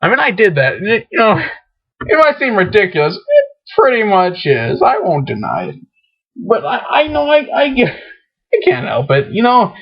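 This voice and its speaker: A high-voiced young man chatting to the camera in a rambling, excitable way. He keeps restarting his sentences and slips into frantic acted-out rants. The audio is dull and lo-fi, like an old webcam mic. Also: moderate pace. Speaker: vlogger. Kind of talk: rambling casual vlog.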